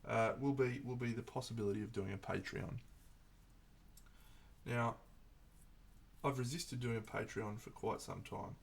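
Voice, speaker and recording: Gravelly man musing on a live stream. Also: mid-range voice, a little slow, pauses often. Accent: Australian. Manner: reflective, rambling, frequent restarts. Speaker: streamer painting miniatures. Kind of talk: casual live-stream chat.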